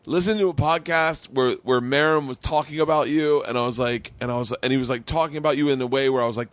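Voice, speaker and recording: A man in his forties hosting a podcast, telling a story in casual chat and laughing as his voice jumps up high. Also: fast, few pauses, a little hiss or hum. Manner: excitable, laughing, rising to yelps when retelling. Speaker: podcast host. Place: home studio.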